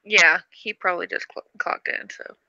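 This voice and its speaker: A woman's voice: lowish voice, normal speed, no echo, dull audio. A woman co-hosting a live stream, chatting casually and telling stories with frequent giggles. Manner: giggly, animated. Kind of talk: casual chat and storytelling. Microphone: computer mic on a video call.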